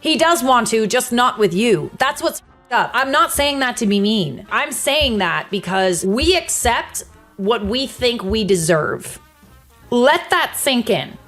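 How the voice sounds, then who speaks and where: A woman hosts a casual reaction show in a blunt, chatty way, calling her viewers bestie. Her voice sits a touch high, with faint music underneath. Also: sing-song, unhurried, fairly bright tone. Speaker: commentary host.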